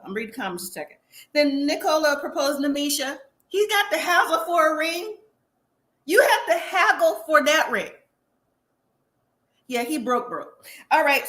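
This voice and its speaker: Sassy woman host, casual reality-TV recap, bright and high. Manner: chatty, sassy, quotes people in animated asides. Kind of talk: casual live-stream recap.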